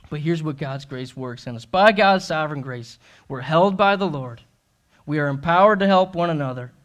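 Earnest male pastor, high voice, preaching in church. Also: fairly bright tone. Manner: earnest, self-deprecating storytelling. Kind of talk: sermon. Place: church sanctuary.

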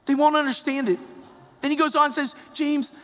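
A man's voice: extremely high pitch, steady tone, fast, a bit bright. A male parish priest preaching a homily in a conversational, repetitive way that rises to emphatic calls. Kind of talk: sermon. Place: church. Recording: long church reverb.

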